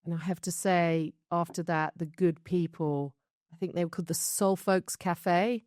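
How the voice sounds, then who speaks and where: Low-voiced British woman telling stories. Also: fairly even intonation, moderate pace, darkish tone, no room sound, clean studio sound. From London, England. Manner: reflective, chatty, laughs between stories. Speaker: show creator being interviewed. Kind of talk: candid storytelling interview.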